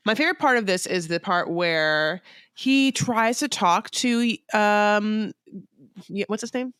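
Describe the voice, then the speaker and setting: A woman guest in a casual podcast chat, telling stories in a lively way and acting out other people's lines. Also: mid-range voice, measured pace, clear, resonant tone, no room sound, clean studio sound.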